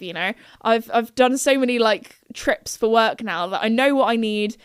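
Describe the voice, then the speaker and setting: A woman's voice: fairly high pitch, moderate pace, clean tone, no room sound, clean studio sound. A young British woman hosting a podcast, chatting casually and rambling with lots of self-corrections and giggles. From United Kingdom. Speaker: podcast host. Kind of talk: casual solo chat.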